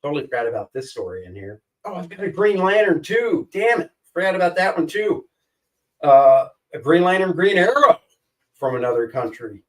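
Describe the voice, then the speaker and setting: A man's voice: fairly high pitch, very animated, normal speed, distant mic, poor audio. Joking male comic show co-host. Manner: joking, rambling, crude banter. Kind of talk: casual chat.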